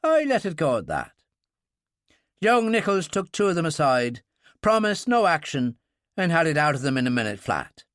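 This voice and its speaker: A man voicing a blunt, jovial older ship's doctor who tells stories with animated relish. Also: fairly high pitch, moderate pace, no echo, studio quality. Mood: wry storytelling. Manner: hearty, animated, fond of telling stories.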